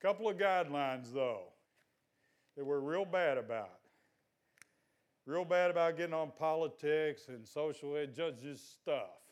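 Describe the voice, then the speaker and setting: High-voiced older man preaching. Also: animated, measured pace. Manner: folksy, exhorting, bursts into loud shouts. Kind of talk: sermon.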